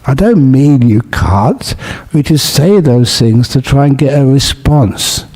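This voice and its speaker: A Buddhist monk giving a relaxed dharma talk at a city meditation centre, teaching gently and mixing in humorous stories. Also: male voice, medium pitch, takes it slowly. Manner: humorous, storytelling with jokes.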